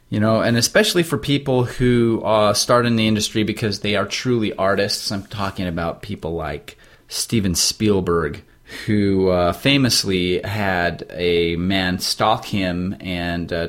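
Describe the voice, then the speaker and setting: Blunt, animated man giving advice. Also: medium pitch. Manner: animated storytelling, emphatic and blunt. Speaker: author and show host. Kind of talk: casual monologue, advice talk.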